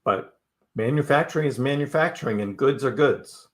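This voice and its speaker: A middle-aged man with a mid-range voice and moderate pace hosts a crypto livestream. He handles viewer chat casually, trading wry jokes and laughing a lot.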